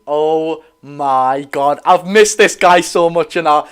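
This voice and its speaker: Young man, Geordie accent, slightly high voice, excitable live chat, chesty cough. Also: slow pace, few pauses, clear, resonant tone. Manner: excitable, chatty, gushing. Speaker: football fan channel host. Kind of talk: live watch-along chat, reading viewer comments.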